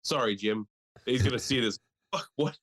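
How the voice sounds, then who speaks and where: Young man, podcast co-host, casual chat, profane, animated. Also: mid-range voice, moderate pace.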